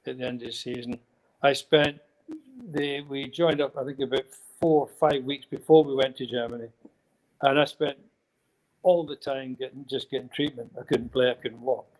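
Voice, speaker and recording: A man's voice: medium pitch, steady tone, normal speed, darkish tone, low-quality recording. An older man with a Scottish accent, a former footballer telling rambling anecdotes as a guest, breaking into chuckles now and then. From Scotland. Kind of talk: casual storytelling.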